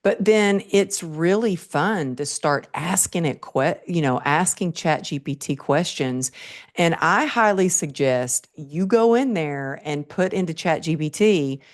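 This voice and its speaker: A middle-aged woman with a twang hosts a casual podcast interview. Her voice sits low, and she talks in an enthusiastic, storytelling way, drifting easily from tip to anecdote. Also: animated, a little slow. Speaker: podcast host.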